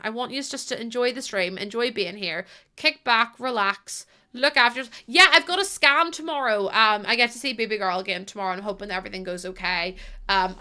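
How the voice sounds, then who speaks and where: A woman's voice: a little high, bright, forceful tone. A young woman live streaming, chatting casually with her viewers, giggling and playfully scolding them. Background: faint music.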